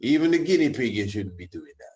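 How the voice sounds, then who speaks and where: A man's voice: mid-range voice, very animated, fast, darkish tone. A man hosting a radio show, talking in a rambling, colloquial way with tag questions and chuckling asides. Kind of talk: casual radio talk.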